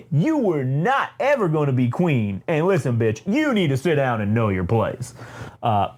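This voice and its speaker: A man's voice: mid-range voice, sing-song, measured pace, darkish tone. Man doing a smug condescending old chancellor.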